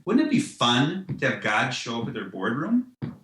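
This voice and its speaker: A man's voice: mid-range voice, wildly swooping pitch, moderate pace, a bit bright, echoey room, low-quality recording. A man talking in a casual podcast conversation, rambling with many restarts and "you know"s, and laughing at his own ideas. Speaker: guest, comic writer.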